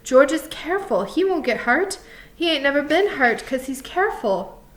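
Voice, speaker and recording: A woman reading aloud, voicing a big, childlike, slow-witted farmhand in a higher, louder voice, pleading and insistent. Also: very animated. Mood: anxious, insistent. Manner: pleading, insistent, simple speech.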